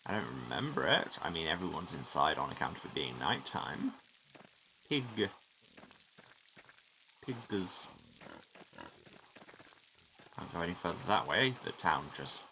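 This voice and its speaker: A man hosting a let's play, trading wry, muttering asides as he plays at home. His voice is fairly low, with a bright, forceful tone. A faint hiss runs under it. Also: creaky, poor audio. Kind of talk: game commentary.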